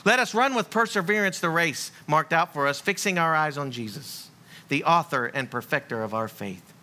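A man preaching with a high, bright voice that jumps all over the place. His delivery is blunt and playful, full of jokes and sudden emphasis. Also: normal speed. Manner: lively, joking, blunt preaching with sung snippets. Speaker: pastor. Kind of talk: sermon.

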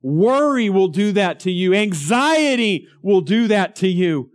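A man's voice: high voice, big pitch swings, a little slow. A man preaching a sermon, conversational and down to earth, with bursts of emphasis and humorous personal asides. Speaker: pastor.

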